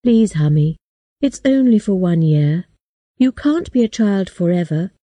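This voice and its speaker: A woman voicing a sad, gentle father who resignedly tells his daughter she must marry. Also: on the low side, lively intonation, measured pace, no echo.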